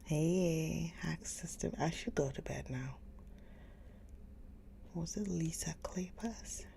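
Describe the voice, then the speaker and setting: A woman hosting a live stream, chatting casually with viewers, gushing over books and often slipping into a soft whisper. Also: low voice, slow pace, creaky, a little hiss or hum. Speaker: livestream book reader host. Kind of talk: casual livestream chat.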